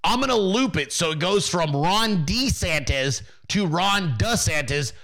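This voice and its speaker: A high, lively man rants in a loud and mocking way, swearing all the time. His voice is bright and cutting as he hosts his own political commentary stream. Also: unhurried. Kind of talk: profane ranting commentary.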